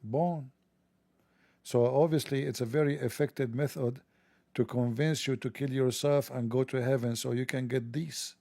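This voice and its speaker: Gravelly man in a mocking monologue. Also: medium pitch, fairly even intonation, normal speed, mellow, no echo. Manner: mocking, sarcastic, jokey. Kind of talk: satirical monologue.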